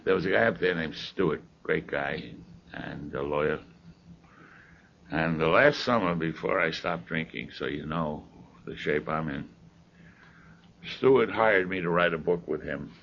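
An older man with a gravelly voice telling a humorous story from his own life, with dry, wry asides. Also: very deep voice, a little slow, pauses often. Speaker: speaker sharing his recovery story. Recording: dull lo-fi recording with faint hiss.

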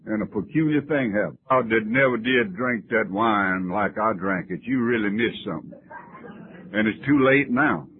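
A man's voice: fairly low pitch, normal speed. A man telling his personal story at a recovery meeting in a folksy, wry, self-mocking way. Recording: muffled lo-fi old tape, faint hiss.

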